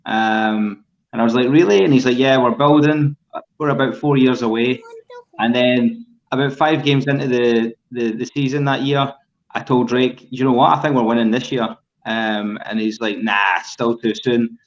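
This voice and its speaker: A man's voice: medium pitch, moderate pace, lo-fi sound. A man telling a long, rambling fan story in a casual podcast chat, with lots of ums. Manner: rambling, relaxed, many ums.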